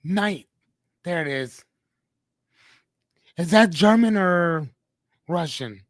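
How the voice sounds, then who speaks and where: Speaking extremely slowly, this podcast host has a high, animated voice captured in a clean studio with no echo. His casual, rambling talk is full of self-corrections and asides to the chat.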